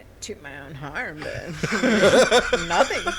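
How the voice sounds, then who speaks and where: A woman's voice: lowish voice, expressive, extremely slow, a crowd in the background. A woman co-hosting a podcast in casual chat, joking bawdily and laughing often. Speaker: podcast co-host.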